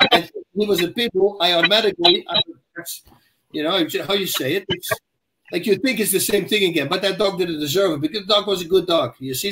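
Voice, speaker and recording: A man's voice: high-pitched, a little hiss or hum. A middle-aged man, telling stories in casual podcast chat and acting out the voices in them. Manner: animated storyteller, acts out quotes and dog growls. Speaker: podcast co-host.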